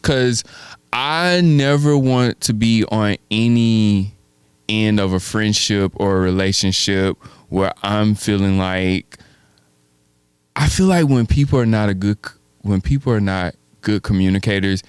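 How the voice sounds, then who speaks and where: A man's voice: fairly low pitch, a little slow, clean tone, no echo. A man co-hosting a podcast, telling a story in casual chat and acting out the quoted dialogue. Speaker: podcast co-host.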